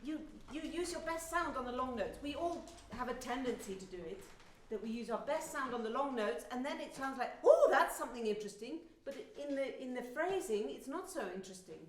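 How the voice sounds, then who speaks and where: A British woman coaching a flute student in a masterclass, expressive and singing phrases to demonstrate. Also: high-pitched, brisk, few pauses, slight background noise. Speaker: flute teacher. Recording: echoey hall.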